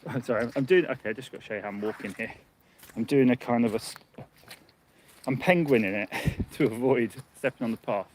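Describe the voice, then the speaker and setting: A man's voice: medium pitch, fairly quick, long pauses, a little mellow, slight background noise. A man livestreaming casually on a handheld phone while walking outdoors along a muddy path, rambling and chatty, laughing often. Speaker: livestream host. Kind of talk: casual live chat.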